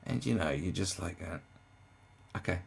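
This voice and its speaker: A young man ranting in a reaction commentary, incredulous and swearing, swinging from mocking shrieks down to low, sad muttering. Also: lively intonation, moderate pace, creaky, husky.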